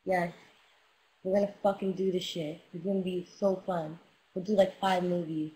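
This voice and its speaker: A woman's voice: fairly low pitch, little pitch movement, normal speed, dark tone, slight background noise, low-quality recording. A young woman rapper chatting casually with fans on a livestream, hyped and profane, giving motivational talk into a webcam mic.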